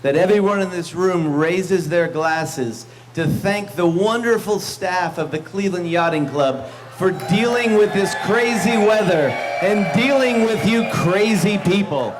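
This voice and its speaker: A man's voice: sits high, lively intonation, unhurried, hardly any pauses, over music. A man giving a joking, mock-solemn memorial toast at a club party, in a banquet room full of guests. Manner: mock-solemn, tongue-in-cheek.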